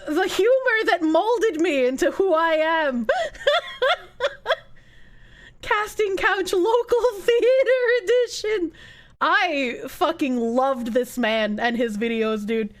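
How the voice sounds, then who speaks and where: Very high giggly woman streamer. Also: fairly bright tone. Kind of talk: reacting to a video on stream.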